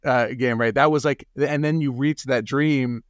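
A man's voice: mid-range voice, steady tone, a little slow, smooth, no echo, studio quality. A man hosting an interview podcast, chatting casually and giving brief reactions to his guest. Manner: brief encouraging interjections and laughter. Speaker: podcast host.

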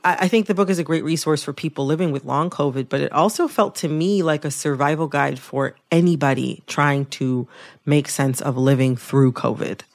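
Low-voiced woman radio host. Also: moderate pace, a little mellow. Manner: reflective, thoughtful questions. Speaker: podcast host. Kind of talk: radio interview.

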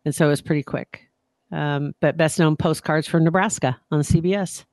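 A woman's voice: low voice, fairly even intonation, moderate pace, darkish tone, no room sound. A woman co-hosting a talk show in casual chat, chatty and self-deprecating, often restarting her sentences. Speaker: podcast co-host.

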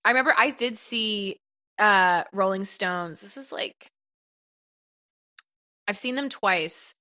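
A woman co-hosting a comedy podcast, animated and joking, laughing often through casual chat. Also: mid-range voice, slow pace. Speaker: podcast co-host.

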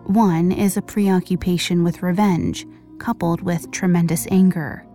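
A woman narrating a scripted true-crime story with measured pacing and dramatic pauses. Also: on the low side, steady tone, warm tone, faint music behind. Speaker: podcast narrator.

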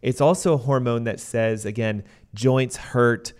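A man co-hosting a health podcast as a doctor, explaining at length in a steady, teaching manner. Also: medium pitch, a little slow, smooth.

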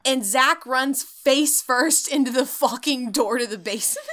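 Bright, sarcastic woman storyteller. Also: high-pitched, a little slow. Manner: animated, sarcastic, swears a lot. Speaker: podcast host. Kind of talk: comedic storytelling recap.

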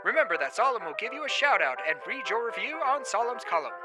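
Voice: medium pitch, sing-song, fast, natural voice, rough recording. A performer voicing a chipper gnome radio host reading announcements in an upbeat, announcer-like way, with music underneath. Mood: cheerful. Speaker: show host for mid-show break. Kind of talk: scripted announcement.

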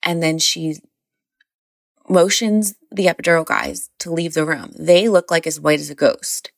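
A woman's voice: low voice, fairly even intonation, a little slow, vocal fry, no echo, studio quality. A mother casually recounting a birth story, rambling and filling her speech with "like". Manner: rambling, heavy use of "like".

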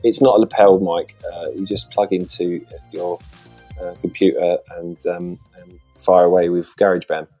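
A man, a podcast guest, tells casual anecdotes in a low voice. He rambles and restarts his sentences often. He is recorded on a phone, with faint music behind him. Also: little pitch movement, moderate pace, dark tone. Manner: rambling, many false starts.

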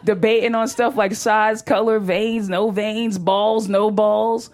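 A woman's voice: medium pitch, flat delivery, slow pace, a little mellow. A woman doing a brash, profane stand-up comedy set on stage, talking animatedly and laughing often. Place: comedy stage before an audience.

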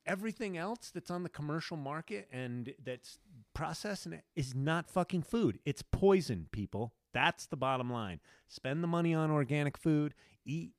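A man's voice: a little high, expressive, normal speed, dry recording, clean studio sound. Fiery foul-mouthed man ranting. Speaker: podcast guest, food activist. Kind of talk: casual podcast conversation.

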